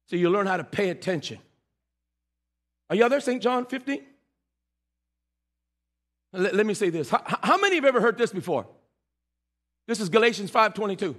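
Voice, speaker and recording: A man preaching a sermon as pastor, animated and teasing, with shouted peaks and asides to the congregation. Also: high-pitched, brisk, pauses often. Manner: humorous, teasing. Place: church sanctuary. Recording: long hall reverb in a church.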